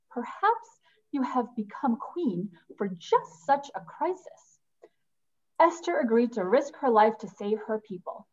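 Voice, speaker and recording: A woman's voice: sits high, highs cut off. Woman narrating a scripture story. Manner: measured narration with voiced quotes. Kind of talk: reading a story aloud.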